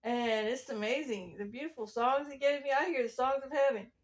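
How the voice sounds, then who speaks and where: High-voiced rambling preacher woman. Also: fairly even intonation, a little fast. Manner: meandering, preachy, chuckles between thoughts. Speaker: self-styled prophet. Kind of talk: rambling religious testimony.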